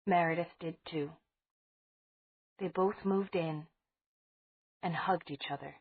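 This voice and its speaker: A woman reads an audiobook very slowly in a husky, slightly low voice. Her delivery is measured and even, and the sound is dry and thin, like a phone line. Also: no room sound. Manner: measured, unhurried reading. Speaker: audiobook narrator. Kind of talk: scripted audiobook narration.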